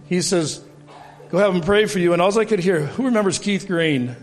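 Animated fifty-something man testifying in a church hall. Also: high voice, moderate pace, pauses often. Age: 50s. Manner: animated storytelling, acting out quoted dialogue, laughing at himself. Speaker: guest speaker giving testimony. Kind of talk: testimony and preaching to a congregation. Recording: reverberant hall with faint music.

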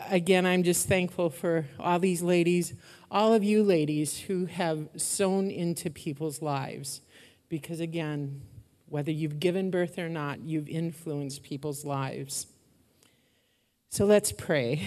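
Older female pastor, lower voice, preaching with feeling in a reverberant church hall. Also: fairly even intonation, takes it slowly. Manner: warm, emotional, laughs often. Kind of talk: church sermon and prayer. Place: church auditorium.

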